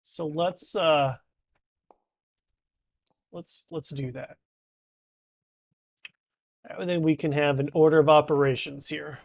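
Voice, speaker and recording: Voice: medium pitch, fairly even intonation, slow, creaky, long pauses, a little mellow. A laid-back, teasing game master narrating a tabletop game, laughing often.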